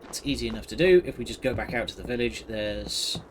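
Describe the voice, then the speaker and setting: A man's voice: mid-range voice, animated, brisk, background noise. A man giving casual, sardonic commentary while streaming a game. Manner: dry, sardonic, wandering. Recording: voice over loud game music.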